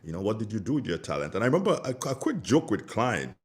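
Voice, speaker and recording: Animated Grenadian man on the radio. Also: lowish voice, fast. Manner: animated storyteller with Caribbean colloquial phrasing. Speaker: radio host. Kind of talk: casual radio chat, greeting listeners and telling stories. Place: radio studio.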